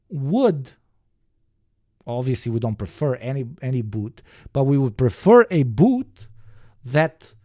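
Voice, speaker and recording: A man's voice: mid-range voice, darkish tone, dry recording, clean studio sound. A man from Turkey with a Turkish accent, ranting casually on a livestream in a profane, emphatic way, with many fillers and restarts.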